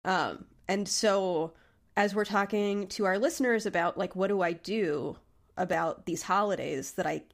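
A woman's voice: mid-range voice, unhurried, gravelly. Nasal woman chatting candidly. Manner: candid, laughs often, swears casually. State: congested, intermittent coughing. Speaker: podcast co-host, therapist. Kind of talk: casual chat.

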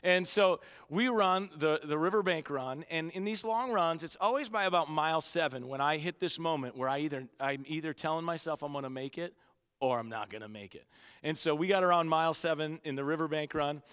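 A man preaching a sermon to his church, with energetic storytelling and self-mocking humor. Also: fairly high pitch, brisk, clear, resonant tone, long reverb tail. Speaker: pastor. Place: church auditorium.

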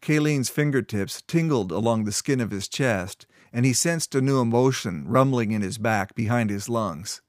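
A man reading a story aloud in steady, measured scripted narration. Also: medium pitch, no room sound, clean studio sound. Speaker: audiobook narrator.

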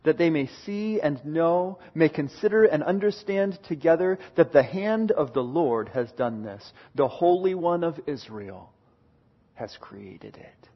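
Male preacher, higher pitch, husky, sermon delivery swinging from booming to hushed, dull lo-fi sound. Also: lively intonation, measured pace. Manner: reads scripture aloud with dramatic swings from booming to hushed.

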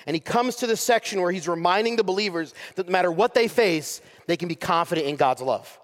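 A man preaching a sermon as pastor, swelling to impassioned peaks and falling to soft, slow pauses. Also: sits high, animated. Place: church sanctuary. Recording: long reverb of a large hall.

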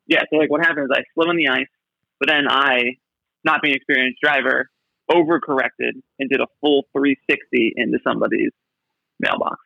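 A man's voice: mid-range voice, steady tone, brisk, creaky, no room sound. A man in his thirties chatting casually as podcast co-host, laid-back and self-mocking. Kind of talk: casual chat. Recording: dull lo-fi audio.

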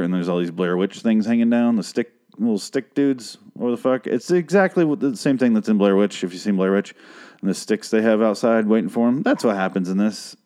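A man's voice: fairly low pitch, darkish tone. A man casually recapping a TV show on his podcast, profane and rambling, with a dry voice. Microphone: podcast microphone.

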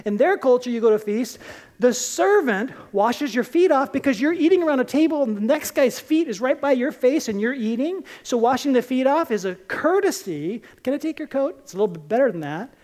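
Animated woman preaching a sermon. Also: high voice, fairly quick. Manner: animated storytelling, acting out quotes.

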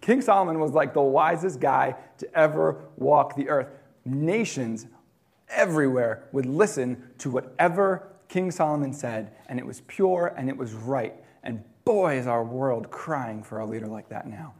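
A man preaching a sermon in a conversational way, swinging between loud emphatic lines and quiet, dropped ones. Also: mid-range voice, lively intonation, moderate pace. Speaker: pastor.

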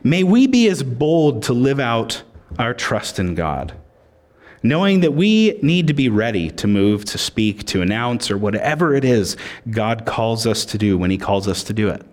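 A man's voice: mid-range voice, sing-song, measured pace, darkish tone. Joking conversational male preacher. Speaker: pastor. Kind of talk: sermon.

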